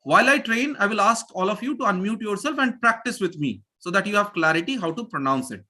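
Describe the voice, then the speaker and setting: Lively teacher on a video call. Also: male voice, high voice, fast talker. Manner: energetic, repeats phrases to drill students. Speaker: English pronunciation teacher. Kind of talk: live online class teaching.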